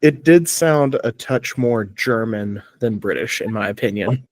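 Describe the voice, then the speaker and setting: A man hosting a casual interview, asking quick, teasing questions. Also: mid-range voice, lively intonation, darkish tone, no room sound. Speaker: podcast interviewer.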